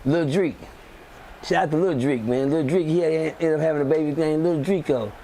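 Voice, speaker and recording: A man telling a street story on a live stream, animated and acting out the voices of the people in it. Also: on the high side, fairly quick, a little hiss or hum. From Texas. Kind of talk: casual storytelling.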